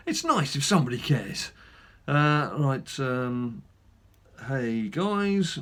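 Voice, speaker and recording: A man's voice: mid-range voice, sing-song, takes it slowly, bright, forceful tone. A man hosting a gaming channel, chatting casually through a mobile game with lots of fillers and self-mocking asides.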